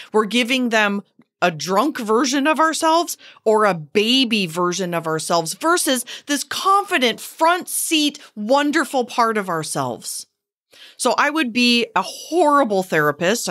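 A young woman speaks as a podcast host and former therapist in a casual, conversational way. Her delivery is emphatic and animated, jumping up for punchy bursts and slowing into soft, deliberate stresses. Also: mid-range voice. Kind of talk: casual solo podcast talk.

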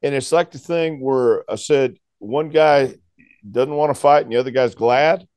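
A man, a former wrestler, telling a story in a casual chat, animated and laughing often as he acts out the voices. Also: medium pitch, moderate pace, clean tone, no echo.

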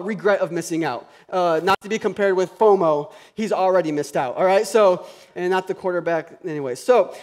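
A high-pitched male pastor preaches in a loose, conversational way. He drops into quiet asides, then climbs to loud, passionate peaks, with flashes of sarcastic humor. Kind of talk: sermon.

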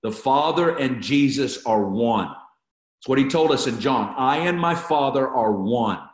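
A man's voice: mid-range voice, animated, a little slow, echoey room. A man leading an online Bible study, teaching with fervor and repeating key phrases for emphasis as he talks to viewers.

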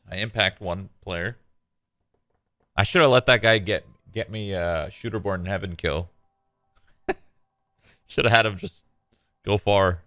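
A man's voice: on the low side, pushed and bright, dry recording. A man streaming a shooter game, chatting casually to viewers with a laid-back, joking manner and frequent swearing. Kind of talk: casual gameplay commentary.

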